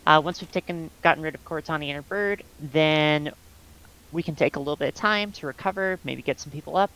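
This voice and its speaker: A woman explaining game tactics over voice chat as raid leader, calm and instructive, with many ums, on a headset. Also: deep voice, a little fast, low-quality recording.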